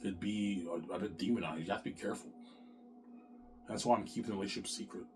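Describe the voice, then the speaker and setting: A man with a lowish voice delivers a long, rambling monologue to his viewers. He swears often, circles back to the same points and keeps restarting his sentences. A faint background hum sits under the recording. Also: quick pace. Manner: rambling, repetitive and profane, with frequent restarts. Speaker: vlogger.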